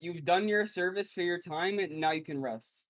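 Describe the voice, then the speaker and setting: A woman's voice: fairly low pitch, normal speed, dry recording. A woman playing a tabletop game, talking in a flustered, stumbling way. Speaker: player. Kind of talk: casual tabletop play.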